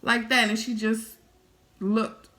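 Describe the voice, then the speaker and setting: A woman in her thirties telling a story straight to her viewers, animated and heavy on profanity. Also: a little high, slow pace. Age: 30s. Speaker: vlogger.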